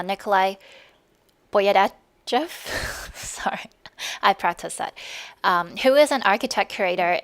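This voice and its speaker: Woman host on a video call, average pitch, friendly and laughing, reads intros. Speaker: moderator. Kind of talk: moderating an online roundtable.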